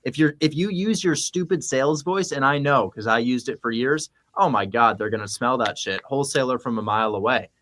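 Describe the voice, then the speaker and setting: A man coaching on real estate wholesaling in casual chat, energetic and blunt, swearing freely. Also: mid-range voice, brisk, few pauses. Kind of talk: casual chat, animated teaching.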